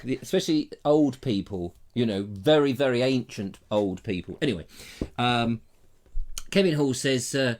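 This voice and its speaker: Jokey, lively-voiced English host. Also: male voice, mid-range voice, normal speed. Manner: jokey, rambling, theatrical. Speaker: host of a live stream. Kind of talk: casual live chat. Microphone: lapel.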